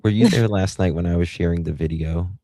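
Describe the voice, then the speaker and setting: A man's voice: low-pitched, a little fast, dark tone, dry recording. A man co-hosting a casual livestream, laid-back and mostly giving short agreeing replies. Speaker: co-host.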